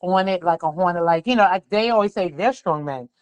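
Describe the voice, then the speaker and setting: A woman's voice: fairly low pitch, fairly quick, clear, resonant tone, dry recording, rough recording. A woman from the Bronx. She is a guest and tells stories in a casual chat, acting out the people she quotes. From the Bronx, New York. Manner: animated storyteller, acts out quoted voices. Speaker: guest, pastry chef. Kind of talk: casual conversation.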